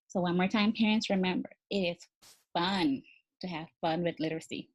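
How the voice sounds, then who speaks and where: A woman's voice: fairly low pitch, steady tone, normal speed. A woman teacher giving an instructional video lesson for parents. She speaks encouragingly to them and models each activity step by step, spelling words out letter by letter. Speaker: early literacy teacher.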